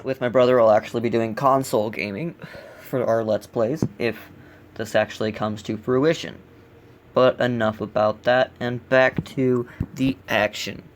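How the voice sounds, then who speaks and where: Gravelly man grumbling through a game. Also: mid-range voice, steady tone, moderate pace, slight background noise. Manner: blunt, grumbling critique. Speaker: gaming channel host. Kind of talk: casual let's play commentary.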